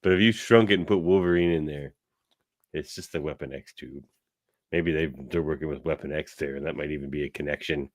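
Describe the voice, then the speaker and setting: Deep-voiced man, dry close sound. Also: a little fast, dry recording. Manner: laid-back, short reactions and offhand remarks. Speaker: podcast co-host. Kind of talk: casual chat.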